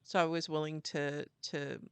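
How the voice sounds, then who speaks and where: A woman's voice: deep voice, level tone, moderate pace, smooth, no echo. A middle-aged American woman co-hosting a casual podcast chat, talking loosely with fillers and restarts. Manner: chatty, trails off with fillers and restarts. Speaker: podcast co-host, mother.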